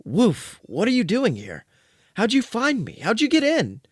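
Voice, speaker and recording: A man voicing a big, anxious male dog, the younger brother, with high, strained barking yelps. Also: huge pitch swings, unhurried, breathy edge, no room sound, studio quality, heavily acted. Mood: pleading.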